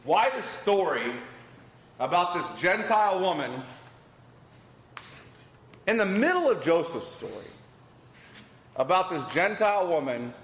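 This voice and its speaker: A man's voice: sits high, big pitch swings, measured pace, pauses often, a bit bright. A man teaching a Bible class, asking the group questions and repeating their answers. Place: church hall. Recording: echoey hall with long reverb.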